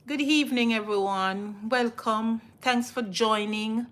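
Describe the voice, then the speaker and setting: A woman's voice: on the high side, steady tone, takes it slowly, fairly bright tone. A middle-aged Jamaican woman hosting a casual cooking livestream from her home kitchen, chatting with viewers and repeating herself often.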